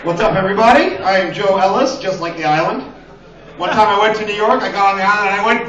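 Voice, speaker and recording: A stand-up comedian on a small open-mic stage delivers crude, rambling material, talking fast in a high, bright voice and sometimes acting out voices. The lo-fi recording picks him up from a distance in a roomy space.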